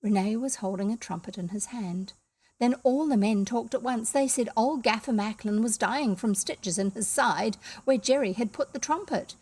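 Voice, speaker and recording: A woman with a New Zealand accent reading a classic story aloud, lively and amused, with chatty asides. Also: fairly high pitch, normal speed, slightly rough. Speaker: audiobook reader.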